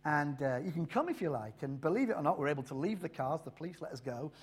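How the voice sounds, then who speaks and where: A man preaching a sermon, slowing down and swelling in loudness on key phrases before dropping low again. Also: animated, husky. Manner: emphatic, rises and drops in loudness and slows on key phrases.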